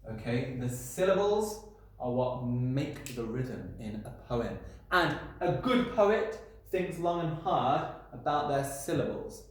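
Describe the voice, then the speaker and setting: A male primary school teacher talks pupils through a lesson at the whiteboard. He sounds animated and playful and keeps putting questions to the class. His voice rings around a very echoey classroom. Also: medium pitch. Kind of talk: recorded classroom lesson to children. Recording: echoey room.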